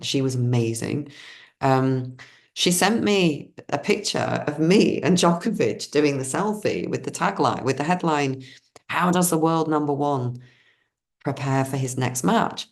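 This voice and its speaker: A woman with a strikingly low voice chats as a spiritual card reader. She wanders from story to story, loses her thread and gushes with enthusiasm. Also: lively intonation, measured pace. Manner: enthusiastic, effusive. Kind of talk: casual digressive storytelling.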